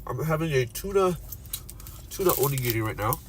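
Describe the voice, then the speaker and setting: A man's voice: mid-range voice, expressive, fairly quick. A man from the Philippines hosting a chatty livestream while driving, laughing often and reading viewer comments aloud. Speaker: livestream host. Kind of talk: casual chat while driving. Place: inside a car in traffic. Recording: road and engine noise. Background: car and street noise.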